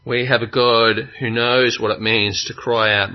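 A man preaching a sermon, earnest, with long pauses, building to fervent emphasis. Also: medium pitch, flat delivery, lo-fi sound.

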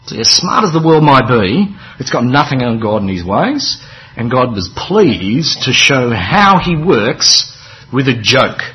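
A man's voice: medium pitch, big pitch swings, measured pace, sharp tone, poor audio. A man preaching a sermon in a conversational, wry way, with dramatic emphasis and offhand asides.

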